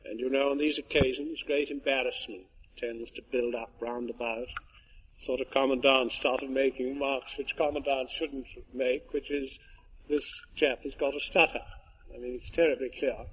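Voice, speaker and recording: An older retired air force officer giving a tribute speech, telling anecdotes with genial, dry humour to an audience. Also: male voice, mid-range voice, fairly even intonation, normal speed. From England. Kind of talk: after-dinner speech with anecdotes. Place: hall with an audience. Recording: muffled archive recording with faint hiss.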